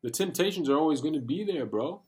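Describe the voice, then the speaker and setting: A man's voice: fairly high pitch, animated, fast talker, a little mellow. A man giving a passionate, profane motivational rant full of street slang, talking straight to his viewers. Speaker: vlogger. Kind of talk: casual motivational rant to camera.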